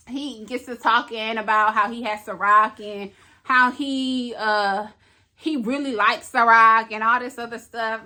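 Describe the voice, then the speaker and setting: A young woman vlogger telling a casual storytime, animated, acting out each bit of dialogue and talking straight to her viewers. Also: on the high side.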